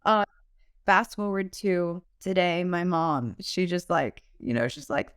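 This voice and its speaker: A woman's voice: fairly low pitch, animated, slow, clear, resonant tone, dry recording, studio quality. A young woman, a singer-songwriter, telling her story as an interview guest in an earnest, emotional way, laughing often. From United States. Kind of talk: candid podcast interview.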